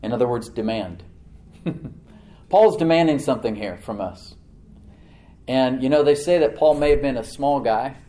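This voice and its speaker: This pastor's sermon unfolds unhurriedly with long pauses in an echoey room. He talks conversationally, repeats words and restarts, and alternates loud emphatic bursts with low, quiet asides.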